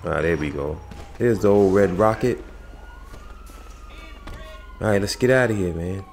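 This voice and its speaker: A man's voice: low-pitched, expressive, a little slow, a little mellow, reverberant. A man giving casual, slangy commentary while playing a video game, chatting to the characters on screen. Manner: laid-back, slangy, talks to game characters.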